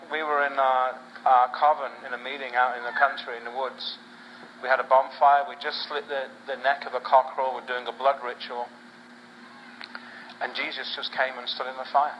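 A man preaching, telling a story with lively humor and acting out a phone conversation. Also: medium pitch, dull audio, a little hiss or hum. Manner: animated storyteller, acts out phone dialogue with humor. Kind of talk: sermon storytelling.

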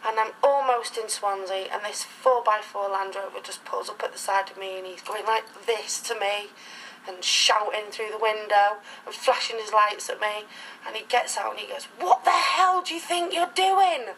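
A woman's voice: medium pitch, flat delivery, moderate pace, creaky, fairly bright tone, a little hiss or hum, low-quality recording. A middle-aged woman talking casually in an interview, rambling through anecdotes in a chatty way. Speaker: interviewee, reborn doll collector.

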